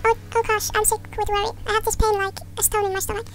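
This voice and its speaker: A woman reading an anxious shepherd's game lines aloud in a squeaky put-on voice, with game music under her. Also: little pitch movement, fast talker. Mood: worried. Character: anxious shepherd missing a lamb.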